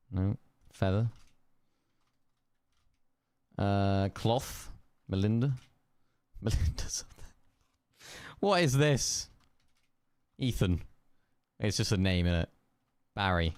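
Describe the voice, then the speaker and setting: Slow low-voiced streamer. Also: male voice, a little mellow, smooth, no room sound. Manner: mutters single-word guesses. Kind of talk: live-stream word-guessing chat. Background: keyboard clicks and typing.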